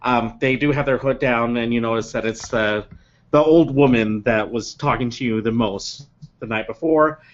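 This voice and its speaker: A man narrating a tabletop game as game master, unhurried and halting, filling pauses with ums. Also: mid-range voice, highs cut off.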